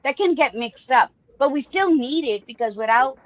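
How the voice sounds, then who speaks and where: Woman talking straight and joking around on a podcast, slightly high voice. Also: lively intonation, moderate pace, no room sound, dull audio. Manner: blunt, joking, uses cliches. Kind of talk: casual chat.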